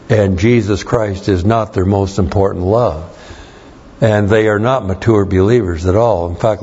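A middle-aged man preaching a sermon, teaching slowly and with heavy emphasis, his voice a little strained. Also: fairly low pitch, dark tone, husky, muffled recording. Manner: slow, emphatic Bible teaching with repeated stresses. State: strained voice, coughing. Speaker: pastor.

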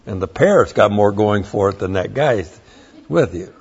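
A man's voice: fairly low pitch, animated, normal speed, breathy edge, lo-fi sound. A man preaching a sermon, emphatic and blunt, with mocking asides.

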